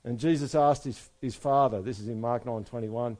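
A man preaching in a relaxed, conversational way, with a mellow and warm tone. He speaks emphatically, asks his listeners direct questions, and slips into everyday voices to act out what people say. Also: medium pitch, a little fast, few pauses. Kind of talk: conversational Bible teaching.

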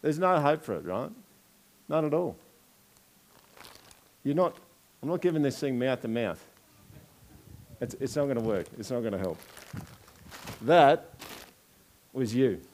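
A man's voice: mid-range voice, lively intonation, measured pace, long pauses, a little mellow, slight background noise. A man with an Australian accent preaching a conversational sermon, joking and throwing rhetorical questions at the congregation during an object lesson. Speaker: pastor.

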